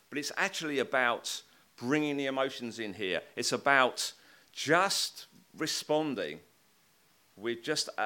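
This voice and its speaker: A man's voice: medium pitch, expressive, measured pace, bright, forceful tone. A man giving a Bible teaching talk with slides, thoughtful and hesitant, with many restarts, and reading scripture aloud with rising emphasis. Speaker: preacher.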